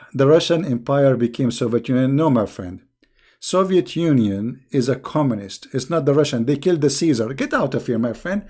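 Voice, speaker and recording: A man's voice: mid-range voice, expressive, normal speed, a little mellow, slightly rough. A man hosting a live question-and-answer stream, speaking emphatically and scolding, often repeating words as he restarts. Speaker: online show host answering viewer questions.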